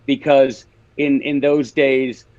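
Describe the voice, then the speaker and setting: A man's voice: mid-range voice, little pitch movement, slow pace, a little mellow, lo-fi sound. A man with a Memphis accent, a guest author explaining ideas in a casual interview, teaching and restarting as he talks.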